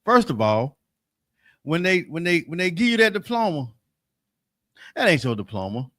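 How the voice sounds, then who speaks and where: A man's voice: on the high side, sing-song, moderate pace, a bit bright, no room sound, studio quality. A man, co-hosting a casual chat with a teasing, storytelling manner. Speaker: co-host.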